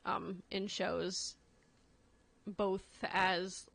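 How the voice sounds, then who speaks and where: A woman's voice: mid-range voice, level tone, drawn-out words, gravelly, a bit bright. A woman radio host chatting casually on air in a wry, chatty way. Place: radio studio.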